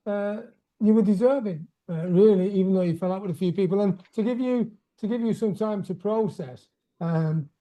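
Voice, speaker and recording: A man hosts a casual chat and tells stories in a halting way, full of restarts. His voice is dark and mellow. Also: sits high. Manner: hesitant, with many restarts. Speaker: host.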